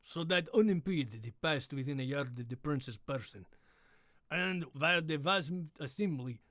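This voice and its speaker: Male streamer, playful reader of classic horror, slightly high voice, dry close mic. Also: expressive, moderate pace, a bit bright, no echo. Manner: playful, breaks off to riff and try silly voices. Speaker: streamer reading aloud. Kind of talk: live-streamed reading with chat banter.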